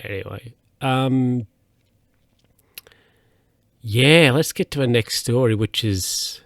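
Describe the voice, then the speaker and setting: A man's voice: mid-range voice, expressive, slow, gravelly, fairly bright tone, no room sound. Rambling man, dry close sound. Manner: rambling, hesitant, many fillers and restarts. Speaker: podcast host. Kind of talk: casual solo podcast rambling.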